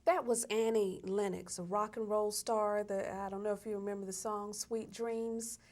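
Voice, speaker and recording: A woman's voice: medium pitch, level tone, moderate pace, darkish tone. Woman hosting a local talk show, medium voice, lots of mm-hmms and that's rights. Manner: affirming, frequent murmured agreement. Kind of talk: casual interview conversation.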